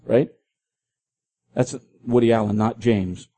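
A middle-aged man, a pastor, preaching an earnest sermon and slowing down when he quotes scripture. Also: mid-range voice, mellow.

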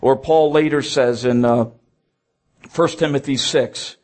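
A man's voice: mid-range voice, fairly even intonation, slow pace, a little mellow. A man preaching a sermon, reading scripture aloud and stressing points by repeating them.

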